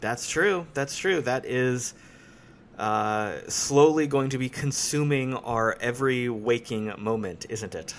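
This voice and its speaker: Tired, self-mocking podcast host. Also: male voice, mid-range voice, slow pace. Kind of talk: casual chat.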